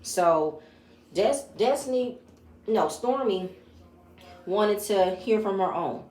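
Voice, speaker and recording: A woman's voice: fairly low pitch, expressive, measured pace, a little mellow. A woman giving a chatty, opinionated recap of a reality show, retelling scenes in her own words. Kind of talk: casual episode review. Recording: echoey room.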